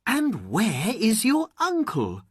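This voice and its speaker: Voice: mid-range voice, huge pitch swings, slow, slightly rough, no echo, clean studio sound, voice pushed up, exaggerated voice. A reader voicing a poor, caring mother, speaking in raised, anxious exclamations in a storybook reading. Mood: worried.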